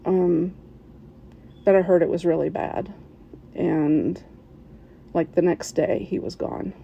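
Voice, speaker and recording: A woman telling a personal story as a podcast listener, in an emotional, halting way with soft laughs. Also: lowish voice, steady tone, gravelly, dull audio, slight background noise.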